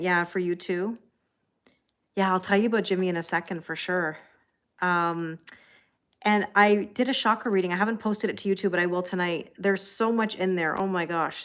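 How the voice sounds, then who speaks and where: A Canadian woman chats casually on a live tarot stream, sounding tired. She greets viewers one by one, rambles loosely with plenty of ums, and laughs lightly as she goes. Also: fairly low pitch. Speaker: tarot reader hosting a livestream. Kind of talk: casual livestream chat.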